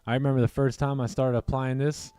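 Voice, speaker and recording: A man's voice: mid-range voice, little pitch movement, quick pace, warm tone, clean tone, no echo. A man hosting a livestream, chatting casually and animatedly about mindset, often tacking on "right?" and "man". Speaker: trading livestream host. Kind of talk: casual motivational chat.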